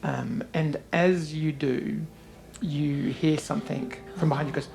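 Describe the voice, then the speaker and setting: A woman's voice: low voice, fairly even intonation, a little slow, gravelly, few pauses, darkish tone, faint music behind. A woman narrating as game master in a casual, rambling way with many fillers.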